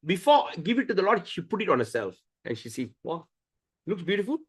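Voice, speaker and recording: This man's voice is high and husky, and he talks quickly. During his scripture study lecture he circles back to important words and often begins sentences again, bringing the stories to life with voices in a lively way.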